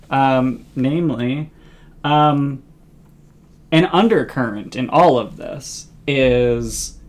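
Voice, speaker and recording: Casting note: woman running a tabletop game, slow and unhurried, stops and restarts mid-thought. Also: rumbling low, a little mellow. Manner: halting, with many fillers and restarts. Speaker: game master.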